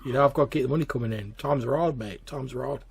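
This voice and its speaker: A man's voice: mid-range voice, fast talker, creaky, crowd noise, voice pushed up, natural voice. A man voicing a nervous young former fisher now working as a guard, who stammers and hesitates.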